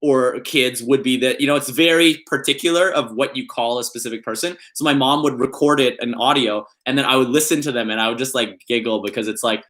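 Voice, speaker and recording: A man's voice: medium pitch, fairly quick, hardly any pauses, fairly bright tone. A young man hosting a casual vlog, talking in a playful, giggly way and hamming up each pun. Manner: playful, giggly, reads puns in a put-on emphatic voice. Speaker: vlogger.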